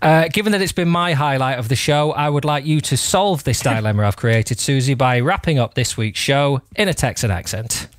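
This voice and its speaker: A man's voice: mid-range voice, moderate pace, hardly any pauses. A man hosting a radio show in a studio, talking in casual, teasing banter that rambles and often breaks into laughs.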